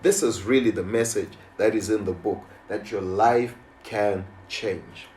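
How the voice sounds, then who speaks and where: Lowish-voiced guy hosting an interview, earnest, echoey room. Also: fairly even intonation, measured pace, a little mellow, a little hiss or hum. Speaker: publisher and interviewer.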